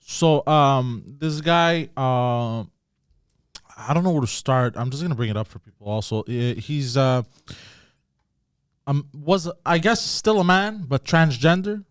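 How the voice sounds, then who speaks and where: A man on a comedy podcast, explaining things with many halting restarts. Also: on the high side, clean tone, no room sound, studio quality. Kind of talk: casual comedy podcast banter.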